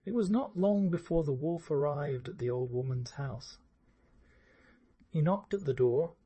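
A man narrates a fairy tale in a measured, expressive way. His voice is dark and mellow, recorded close and dry with no room sound. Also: fairly high pitch, husky, no echo. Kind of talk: storybook reading.

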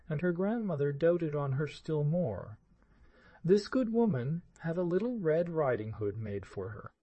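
A man reading a fairy tale aloud in a measured, expressive storytelling manner. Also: a little high, no room sound. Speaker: narrator.

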